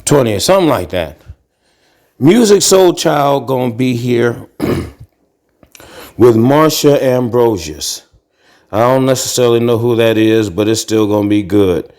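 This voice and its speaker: A man's voice: mid-range voice, measured pace, long pauses. Ranting, profane middle-aged man. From Akron, Ohio. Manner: animated ranting, profane and blunt. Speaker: podcast host. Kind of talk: casual monologue vlog. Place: carpeted apartment living room, walking into tiled kitchen.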